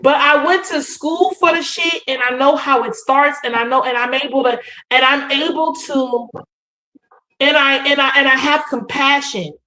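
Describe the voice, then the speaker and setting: A woman's voice: high-pitched, normal speed, sharp tone, reverberant, rough recording. A woman co-hosting a livestream, talking brashly with plenty of swearing and cheering on her co-host. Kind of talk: casual livestream chat.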